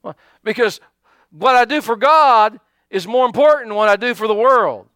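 A man pastor preaching a sermon, animated, calling out to his congregation and acting out little asides. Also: extremely high pitch, moderate pace, clear, resonant tone, dry recording, clean studio sound.

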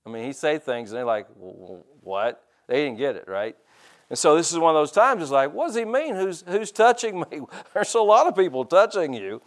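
Speaking fairly quickly, this older male pastor has a slightly high voice that swings widely in pitch. His sermon is folksy and conversational, full of repeated and restarted words and acted-out quoted voices.

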